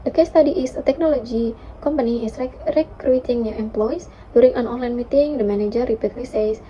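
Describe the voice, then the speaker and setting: A young woman, a university student, reading a class presentation with careful, steady delivery and occasional fillers. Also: a little high, fast, a little hiss or hum. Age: young adult. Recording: dull lo-fi recording.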